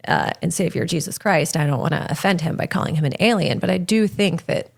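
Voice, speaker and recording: A young woman with a Midwestern American accent, a podcast guest telling stories in an animated, emphatic casual chat. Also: lowish voice, a little fast, vocal fry.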